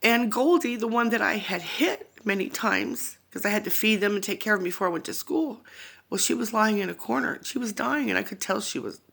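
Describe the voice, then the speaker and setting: A woman talks into her phone with a gravelly, creaky texture under a bright, tense edge. She tells her story in halting, rambling bursts and keeps drifting into side remarks. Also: medium pitch. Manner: halting, rambling, often digressing. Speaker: vlogger sharing a personal testimony. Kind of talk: personal storytelling monologue.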